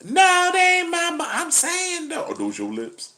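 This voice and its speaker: A man doing a shrill falsetto sassy woman. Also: wildly swooping pitch, a little slow, bright, forceful tone, heavily acted. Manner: high falsetto, shrill retorts. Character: mouthy young woman, defensive and sassy.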